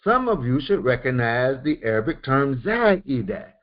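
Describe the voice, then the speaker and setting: A man's voice: medium pitch, very animated. Guy teaching quran commentary, voice jumps around a lot, kinda muffled lo-fi audio. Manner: explains slowly with repetitions and Arabic quotations. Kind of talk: verse-by-verse Quran commentary lesson. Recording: dull lo-fi recording.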